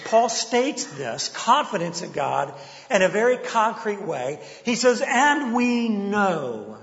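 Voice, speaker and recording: A man's voice: high-pitched, very animated, a little slow, gravelly, a bit bright, slight background noise. A man preaching a sermon, emphatic and rhythmic, stacking short repeated phrases. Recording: muffled sound with long reverb in a hall.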